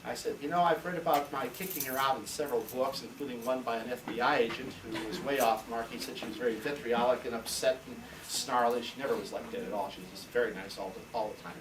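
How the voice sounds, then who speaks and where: A man's voice: medium pitch, steady tone, fast, few pauses. An older man, a retired history teacher, telling long rambling anecdotes on a school tour and acting out the voices of the people in them. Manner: rambling anecdotal storyteller, acts out quoted voices. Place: school classroom, indoors. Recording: roomy, distant, noisy camcorder sound.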